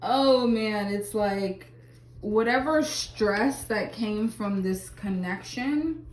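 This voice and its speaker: A woman's voice: medium pitch, slow pace. Casting: woman tarot reader, chatty and exclamatory, in an echoey room. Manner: chatty, lots of fillers and exclamations. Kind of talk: casual tarot reading to camera.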